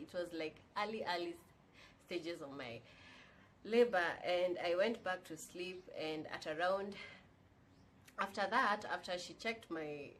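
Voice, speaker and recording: A woman's voice: lowish voice, slight background noise. A young woman, casually and candidly telling a personal story on her vlog, now and then slipping in Swahili phrases. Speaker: vlogger.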